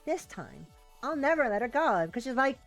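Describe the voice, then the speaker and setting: A woman's voice: sits high, very animated, normal speed, faint music behind. A woman reading a game's text as a giddy, clingy, obsessive girl, rambling with lots of "like". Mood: giddy dreamy. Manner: breathless valley-girl rambling, full of "like".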